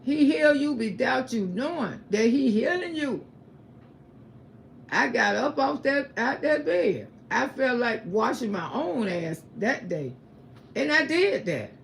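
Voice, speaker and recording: A woman's voice: a little high, expressive, takes it slowly, gravelly, a little hiss or hum. A woman giving an emphatic, repetitive religious testimony on a livestream. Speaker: livestream host.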